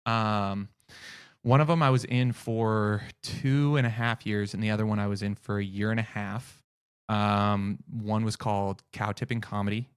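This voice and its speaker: A man chatting as a podcast guest, an animated storyteller who laughs often. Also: fairly low pitch, normal speed, smooth, dry recording, studio quality. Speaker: podcast guest, improv comedian. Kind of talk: casual podcast chat.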